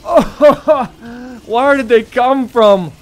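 A man hosting a gaming channel, giving excitable let's play commentary full of yelps and laughter. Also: extremely high pitch, drawn-out words, a little hiss or hum.

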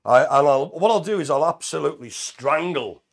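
A man with a gravelly, slightly husky voice, talking in loose, jokey banter on a live show. His pitch swings around a lot as he chats. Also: moderate pace. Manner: jokey, chatty, animated. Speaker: co-host of a live community show. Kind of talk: casual live chat.

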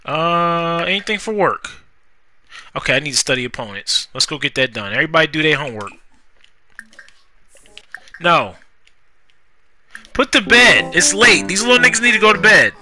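A young man giving casual, profane commentary while playing a life-simulation game, scolding the characters out loud. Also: on the high side, moderate pace, long pauses. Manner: animated, profane, talks to the game characters, rhymes jokingly. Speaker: gaming YouTuber. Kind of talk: casual Let's Play commentary.

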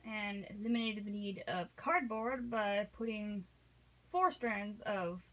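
A woman co-hosting a read-along podcast, chatting casually and telling stories in an animated way. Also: mid-range voice, takes it slowly, highs cut off. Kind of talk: casual chat.

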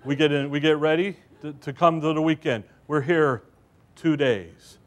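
A man's voice: a little high, moderate pace. A man preaching a church sermon in a folksy storytelling way, with asides to the listeners.

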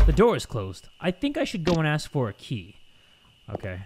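Guy yelling and joking through a horror game, voice jumps all over, kinda high, faint hiss behind. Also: wildly swooping pitch, moderate pace. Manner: loud startled yelps, swearing, jokey asides. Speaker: gaming video host. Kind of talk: casual gameplay commentary.

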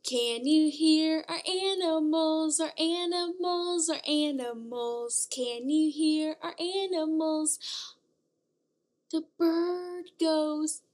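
A woman speech therapist teaching toddlers in an exaggerated sing-song voice, with slow, drawn-out words and frequent gasps. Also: high voice, a little mellow. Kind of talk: toddler learning video.

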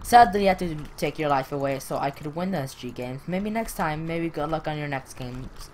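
A woman giving rambling, excitable commentary on her gameplay from a room at home, talking straight to viewers and clearing her hoarse, fading voice. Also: sits low, moderate pace, hardly any pauses. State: losing voice, clearing throat. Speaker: gaming video host. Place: home room, brother nearby. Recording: noisy home recording.

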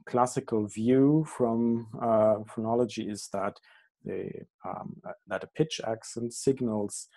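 A man with a fairly low voice delivers an academic lecture over slides through an online call. He talks haltingly, filling pauses with ums and restarting phrases as he corrects himself. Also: steady tone, gravelly, mellow. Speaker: guest lecturer.

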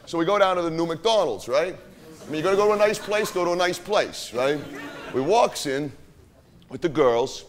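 A man's voice: fairly high pitch, animated, normal speed, slight background noise, close to an everyday voice. A man performing a swaggering, profane streetwise young guy on a live stage, telling a rowdy party story and forever asking "right?". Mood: boastful. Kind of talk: live stage character monologue. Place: theater stage.

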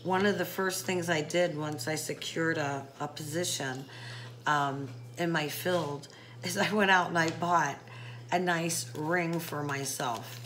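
A woman's voice: low-pitched, fairly even intonation, a little slow, a bit bright, slight background noise, poor audio. A woman doing a casual tarot reading to camera, chatty, with many fillers and talking straight to the viewer. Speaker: psychic tarot reader.

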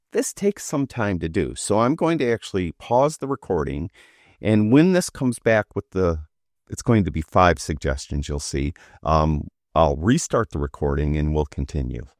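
Very deep-voiced man teaching software. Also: dry recording, studio quality. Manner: relaxed, conversational, talks while clicking. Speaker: photography software tutor. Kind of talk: screen-recorded software tutorial.

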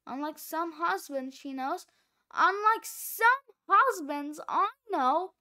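Woman voicing a sentimental older school lady, soft and wistful, slow, storybook read-aloud. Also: extremely high pitch, animated, heavily acted. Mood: tearful.

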